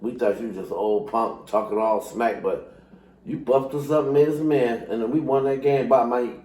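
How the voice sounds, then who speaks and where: A man's voice: mid-range voice, normal speed, mellow, reverberant. An older man telling a casual story, laughing often and acting out the voices of others.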